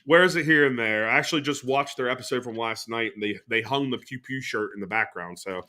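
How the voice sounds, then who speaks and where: A man's voice: mid-range voice, brisk, bright, forceful tone. A man hosting a podcast in loose, rambling casual chat, swearing freely. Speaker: podcast host.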